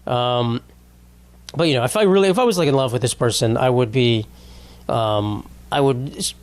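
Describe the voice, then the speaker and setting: A man's voice: medium pitch, normal speed, no echo. A young man hosting his own podcast, ranting in an exasperated, rambling way, swearing often and restarting his sentences. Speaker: podcast host. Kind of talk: unscripted comedic solo podcast rant.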